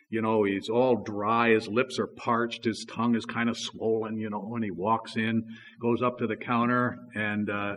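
A man preaching a sermon in a relaxed, conversational way, telling stories with frequent "you know" asides. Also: mid-range voice, in a large hall, slight background noise. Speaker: pastor.

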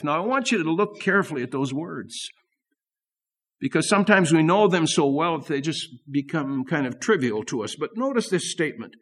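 An older man preaching in earnest, his voice sitting a little high for a man. He leans hard on repeated phrases and then falls back to quiet asides, in a steady pulpit cadence. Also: normal speed. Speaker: pastor. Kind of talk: sermon.

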